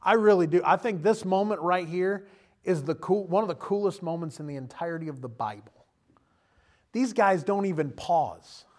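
High-voiced emphatic male preacher. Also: normal speed. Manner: animated, emphatic, rises to loud bursts; direct questions to the listener. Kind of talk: sermon.

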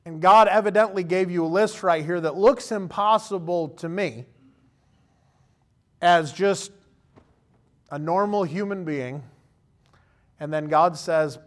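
A man's voice: high voice, slow pace, long pauses. A man in his thirties preaching a sermon in a conversational way, often acting out the voices of the people he quotes. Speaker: pastor.

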